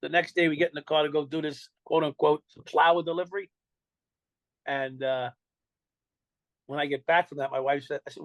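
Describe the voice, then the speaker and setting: An older man with a New York accent tells his story in an interview, speaking bluntly and swearing freely as he acts out what people said to him. His voice sits a little high for a man. The sound is dry and close. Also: steady tone, moderate pace, pauses often, no room sound, low-quality recording. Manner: blunt, profane, acts out quoted dialogue. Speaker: interview guest.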